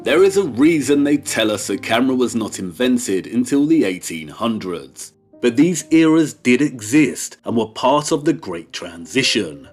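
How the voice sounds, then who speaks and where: A man giving slow, deliberate scripted documentary narration with strong emphasis, over soft background music. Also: mid-range voice. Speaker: video essay narrator. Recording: soft music bed behind.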